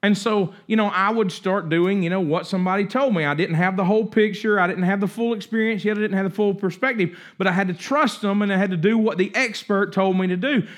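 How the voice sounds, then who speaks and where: A middle-aged pastor preaches a sermon in a high voice, talking fast with hardly any pauses. He tells stories animatedly and keeps restarting his sentences.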